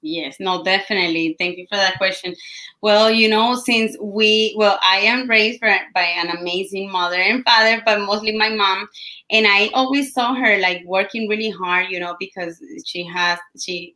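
A woman's voice: medium pitch, bright, forceful tone. A young woman from Colombia with a Colombian Spanish accent, a guest chatting in an interview, with many restarts. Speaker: guest, business owner. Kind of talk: casual interview conversation.

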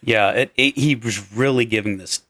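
A man's voice: lowish voice, moderate pace, a bit bright, dry recording, studio quality. A man co-hosting a podcast in casual chat, joking and breaking into playful quips. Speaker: podcast co-host.

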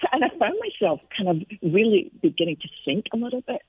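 Husky Scottish woman on a phone line. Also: mid-range voice, big pitch swings, brisk, darkish tone, no echo. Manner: earnest, reflective storytelling. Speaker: Christian author and speaker, guest. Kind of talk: casual interview on faith.

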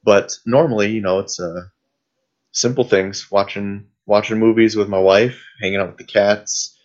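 A man guesting on a podcast, his voice fairly low as he answers in an easygoing, relaxed way. The chat is casual, and the recording has a dull, lo-fi sound. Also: moderate pace. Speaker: guest, creature actor and filmmaker.

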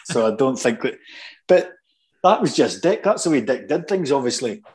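A Scottish man, a former footballer, chatting casually and telling stories with halting restarts. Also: medium pitch, animated, a little mellow, poor audio. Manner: halting, many restarts, anecdotal. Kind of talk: casual chat.

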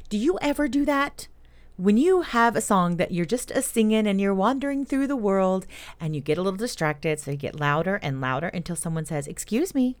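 A woman hosting a children's music podcast, telling young listeners about the songs in a storytelling way. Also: lowish voice. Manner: warm storytelling, speaks directly to young listeners. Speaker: host.

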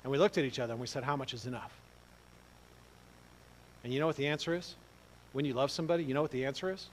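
A middle-aged pastor, preaching in a conversational storytelling way, dropping to quiet asides and rising to loud exclaims. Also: male voice, medium pitch, racing, a little hiss or hum, rough recording. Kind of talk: storytelling sermon.

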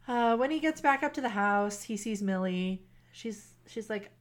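A woman co-hosting a casual podcast, retelling a romance novel's plot in an animated way and acting out the characters' lines. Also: mid-range voice, slow. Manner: animated retelling, quoting characters, laughs often. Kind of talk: casual chat.

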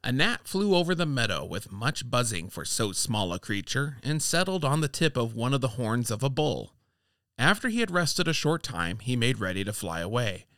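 On a casual podcast, a man co-hosts, playfully reading old fables aloud and bantering with his co-host, giving quoted lines lively voices. His medium-pitched voice moves at a moderate pace, recorded in studio quality with no echo.

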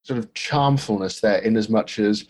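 Husky man chatting about films. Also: fairly low pitch, moderate pace, darkish tone. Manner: hesitant, many restarts and fillers. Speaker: podcast co-host. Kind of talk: casual film discussion.

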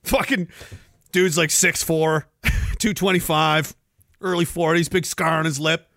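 A man's voice: a little high, fairly even intonation, measured pace, vocal fry, a bit bright, no echo, studio quality. A man from Canada hosting a casual, profane livestream, joking crudely, laughing often and reading out chat messages.

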